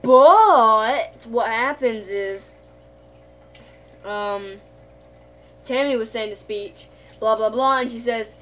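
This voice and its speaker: A woman's voice: a little high, slow, a little hiss or hum. A woman casually recapping an episode in a rambling way, with lots of fillers and restarts.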